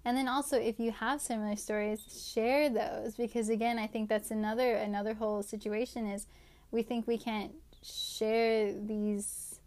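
A woman's voice: on the high side, level tone, moderate pace, darkish tone. Chatty young mother telling a story. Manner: chatty, many fillers like "like" and "right?". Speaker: podcast host. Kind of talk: casual faith-based storytelling.

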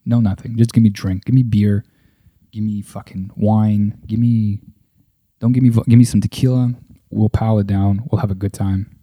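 A man's voice: on the low side, steady tone, moderate pace, warm tone, dry recording. A young man hosting his own podcast in a casual, rambling monologue, swearing often and filling with "like" and "you know", close to a desk microphone at a table indoors. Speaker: podcast host. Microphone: desk microphone close to the mouth.

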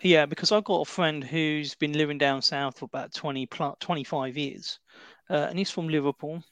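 A man's voice: on the high side, fairly even intonation, normal speed, a bit bright. A British man chatting casually about a film, explaining with asides and restarts. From Britain.

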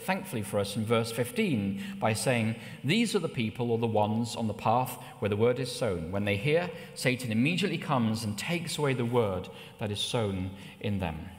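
A middle-aged man preaching a sermon, telling personal stories with lively rises in pitch. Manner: anecdotal, with animated rises in pitch. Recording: long hall reverb.

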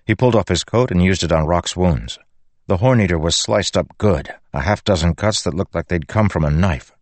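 A man reading an audiobook in a measured, even scripted narration. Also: sits low, dry recording.

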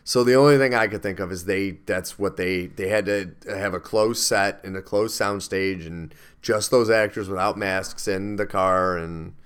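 A man's voice: low-pitched, clear, resonant tone. Opinionated man griping about films. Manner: opinionated, quick bursts of complaint. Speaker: podcast co-host. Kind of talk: casual film review chat.

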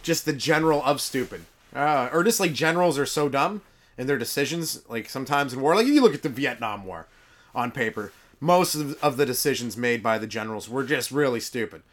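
A man hosting a comedy podcast, riffing in a rambling monologue and chuckling at his own jokes, in a cold room kept warm by a wood fire. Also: medium pitch, expressive, fairly quick.

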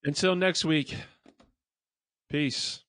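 A man's voice: fairly high pitch, fairly even intonation, extremely slow, fairly bright tone, dry recording. A male podcast host talks effusively and gratefully. He stumbles through repeated words and restarts and calls people bro. The sound is dry and close. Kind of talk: casual podcast talk.

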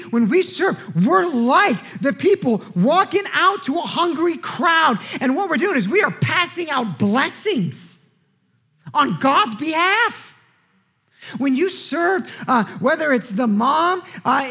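A woman pastor preaching a sermon in an earnest way, often restarting and repeating words, and sinking low and quiet on key words. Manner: drops pitch and volume for emphasis.

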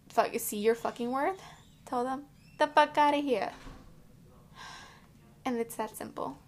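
Woman podcaster rambling on casually, fry in her voice, kinda high, swears a lot. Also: darkish tone. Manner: rambling, chatty, swears freely. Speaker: podcast host. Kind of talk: casual chat while getting ready. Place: indoors at home, curling hair.

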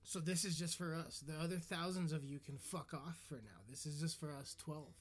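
A man's voice: fairly high pitch, moderate pace, slightly rough, soft background music. A man hosting a podcast, ranting in a crude, sarcastic, swearing comedic style. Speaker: podcast host. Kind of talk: profane comedic rant.

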